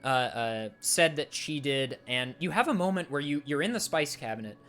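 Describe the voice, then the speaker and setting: A man's voice: a little high, expressive, normal speed, a bit bright, soft background music. A man narrating as game master of a tabletop game, telling the scene with vivid sound effects and light chuckles.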